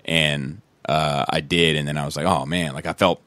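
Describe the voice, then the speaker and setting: A deep-voiced man hosts a casual podcast chat. He talks haltingly and fills the gaps with ums and restarts. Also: level tone, pushed and bright, clear, resonant tone, dry recording. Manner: hesitant, many fillers and restarts.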